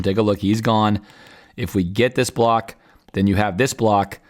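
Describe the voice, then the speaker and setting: A man's voice: on the low side, a little mellow. A man hosting a podcast, talking viewers through football game film in a conversational, analytical way. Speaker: podcast host.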